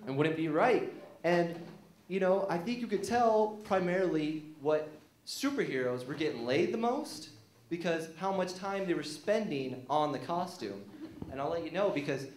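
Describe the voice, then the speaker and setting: A young man doing a stand-up set that rambles and trips over its own fillers. His voice sits fairly high and swings around a lot. It echoes through a small theater room. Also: expressive, moderate pace, darkish tone, a little hiss or hum. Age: young adult. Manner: rambling, self-deprecating, many fillers and restarts. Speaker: stand-up comedian. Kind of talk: stand-up routine.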